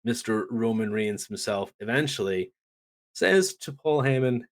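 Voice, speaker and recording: Male podcast co-host, mid-range voice; animated, chatty storyteller who acts out the quotes. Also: medium pitch, a little slow. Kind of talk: casual wrestling recap chat.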